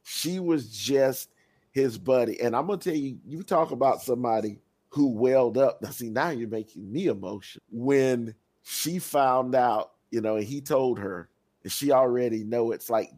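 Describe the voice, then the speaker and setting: A man's voice: mid-range voice, moderate pace, mellow. A man co-hosting a podcast, rambling enthusiastically in casual chat. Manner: enthusiastic, rambling with many fillers. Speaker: podcast co-host.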